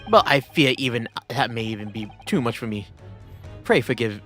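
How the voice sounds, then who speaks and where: A man's voice: medium pitch, lively intonation, normal speed, fairly bright tone, faint music behind, natural voice. A man voicing an eccentric, weary male detective, reading game dialogue with theatrical, old-fashioned formality.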